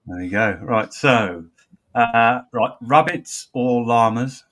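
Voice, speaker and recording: A man's voice: mid-range voice, slow pace, fairly bright tone. A middle-aged man hosting a casual chat, easygoing and hesitant, with frequent uhs. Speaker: host.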